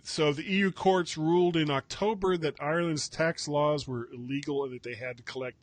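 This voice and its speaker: A man's voice: fairly high pitch, fairly even intonation, moderate pace, no echo. A man hosting a casual tech news chat, rambling and correcting himself with wry asides. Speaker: podcast host.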